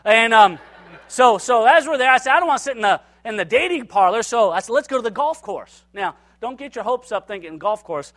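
Man, preacher, high voice, bright tone, sermon storytelling, acts out dialogue. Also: fairly quick. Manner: animated storyteller acting out dialogue.

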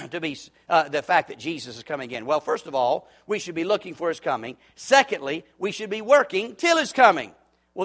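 A man preaching an evangelistic sermon, swinging from loud urgent shouts to low, hushed pleading.

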